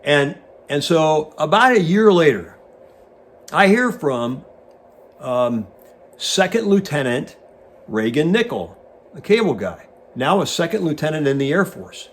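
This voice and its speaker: Animated older man telling a story. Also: fairly high pitch, unhurried, pauses often. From United States. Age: 60s. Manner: animated storyteller who acts out quoted dialogue. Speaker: guest host, retired Navy pilot. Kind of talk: casual anecdote telling.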